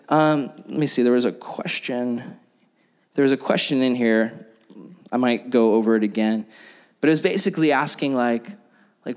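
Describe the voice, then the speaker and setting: A young man giving a casual, chatty sermon, full of fillers and playful acted-out prayers. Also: medium pitch. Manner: chatty, filler-heavy, acts out prayers in silly voices. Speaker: preacher.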